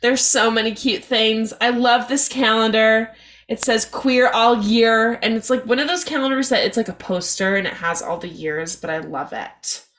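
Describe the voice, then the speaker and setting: A woman's voice: on the high side, moderate pace, fairly bright tone. A young woman hosting a podcast, chatting in a gushing, upbeat and slangy way. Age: young adult. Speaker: podcast host. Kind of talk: casual chat.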